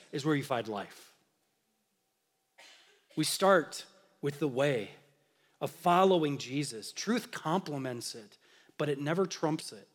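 A man giving a conversational sermon, slowing down for emphasis at key phrases. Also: high voice, big-room sound. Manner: conversational, animated preaching with emphatic slow phrases. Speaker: pastor.

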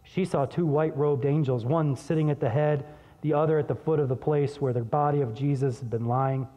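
A man preaching a sermon as pastor, conversational and energetic, dropping low and soft when reading scripture. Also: brisk, in a large hall.

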